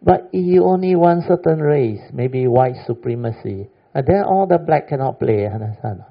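A man's voice: medium pitch, lively intonation, normal speed, vocal fry. A man giving an informal Buddhist Dhamma talk, emphatic and chatty, often checking whether his listeners understand. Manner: keeps asking "understand or not?", emphatic and chatty. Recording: dull lo-fi recording.

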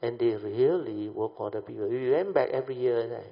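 Man, middling pitch, informal lecturer, rhetorical and tag-heavy, gravelly. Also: normal speed. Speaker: speaker addressing an audience. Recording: dull lo-fi recording.

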